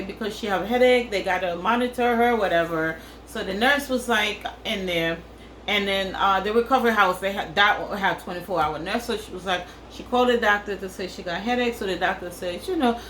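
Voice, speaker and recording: A woman's voice: mid-range voice, a bit bright, roomy sound, a little hiss or hum, low-quality recording. A woman from Africa, telling a crude story in a casual vlog and repeating phrases for effect. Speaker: vlogger.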